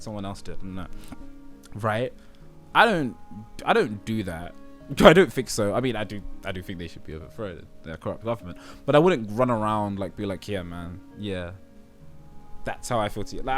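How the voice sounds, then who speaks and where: A young man with a British accent rambling in a casual monologue to his viewers, often checking whether he is understood. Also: on the low side. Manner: rambling, often asks "do you know what I mean". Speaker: YouTube creator.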